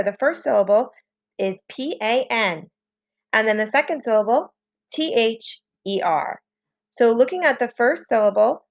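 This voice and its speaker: A woman teacher leads a slow, patient spelling lesson for children, sounding out letters one at a time. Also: a little high, no echo, lo-fi sound. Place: home, online lesson.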